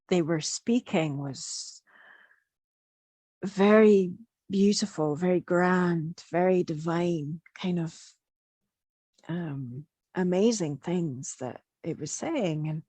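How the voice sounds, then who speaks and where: Low, breathy, slow-speaking woman. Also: dry recording. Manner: soft, gentle, hesitant with frequent fillers. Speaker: quantum healing practitioner. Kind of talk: reflective spoken monologue sharing channelled messages.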